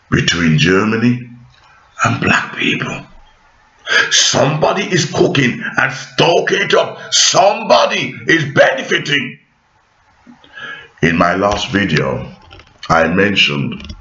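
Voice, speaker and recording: Emphatic man in an echoey room. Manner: emphatic, rising to shouts, then dropping low and pleading. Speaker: video commentator. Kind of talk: impassioned monologue to camera. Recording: echoey room, dull lo-fi sound.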